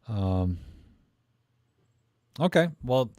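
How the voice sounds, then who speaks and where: A man's voice: medium pitch, sing-song, extremely slow, a little mellow, no room sound. Rambling jokey man on a dry mic. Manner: rambling, jokey, reads chat comments aloud. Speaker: host of a live camera stream. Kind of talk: casual live-stream chat.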